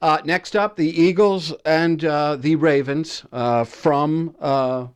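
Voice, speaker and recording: A man's voice: on the high side, fairly even intonation, takes it slowly, clean tone. A man anchoring a casual football picks segment, chatty and jokey, often stumbling over his words. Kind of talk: casual sports picks chat.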